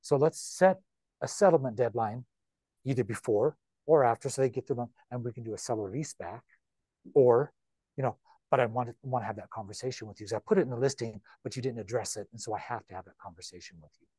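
Broker type: a man with a mid-range voice, dry and close, giving a chatty, animated training talk. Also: mid-range voice, slightly rough, no room sound. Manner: chatty, animated, with quick repeats and asides. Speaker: real estate broker leading agent training. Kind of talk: informal training talk to a room of agents.

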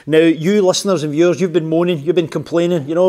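A man's voice: a little high, fairly even intonation, fast talker, hardly any pauses, warm tone. A man hosting an interview, jokey, upbeat and chatty. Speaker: podcast host. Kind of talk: casual interview chat.

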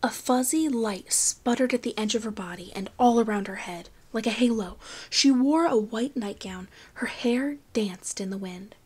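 A woman reading a novel aloud as audiobook narration, in a slow, hushed storytelling manner. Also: a little high, slightly rough. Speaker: audiobook reader.

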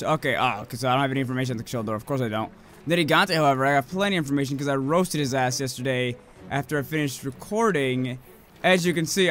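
A man's voice: medium pitch, fairly bright tone. A man casually commenting on his video game, swearing, joking and reading game dialogue aloud, sounding slightly sick. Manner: profane, jokey, reads game text aloud. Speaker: gaming video host.

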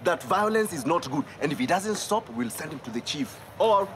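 A man's voice: fairly high pitch, expressive, moderate pace, noisy background, natural voice. Man playing a teasing village joker. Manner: teasing, bantering. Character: joking village man betting with friends.

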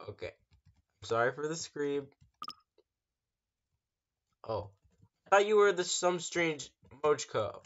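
A gamer giving excitable, casual commentary while playing, talking to viewers and breaking into sudden screams. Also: mid-range voice, slow, long pauses, dull audio. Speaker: let's play gamer.

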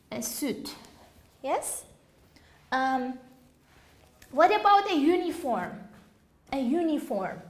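Woman, English teacher, slow and patient, repeats words, echoey classroom, faint background noise. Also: sits high. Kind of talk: classroom language lesson. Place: classroom with students.

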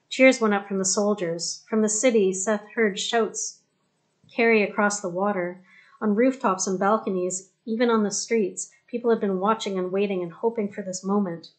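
A woman narrating an audiobook in a steady, even storytelling manner. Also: mid-range voice, normal speed. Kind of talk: scripted narration.

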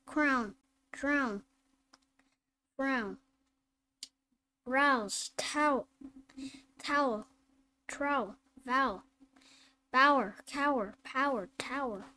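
A woman reading phonics drills and simple sentences aloud, slow and deliberate, word by word. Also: high voice, bright, forceful tone, slight background noise. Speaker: phonics teacher.

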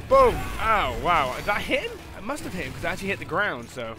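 A man giving casual gameplay commentary, excitable, often laughing and shouting at near misses. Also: high voice, moderate pace. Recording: game music playing loudly underneath.

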